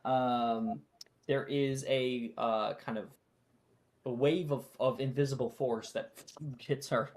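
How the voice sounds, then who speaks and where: A man narrating a tabletop game as game master, with many fillers and pauses. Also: medium pitch, steady tone, a little mellow. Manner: slow, halting, lots of fillers.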